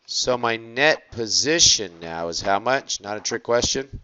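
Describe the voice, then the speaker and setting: A man teaching an accounting lecture, asking the class quick rhetorical questions and stretching out key words. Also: mid-range voice, expressive, pushed and bright, smooth, muffled recording.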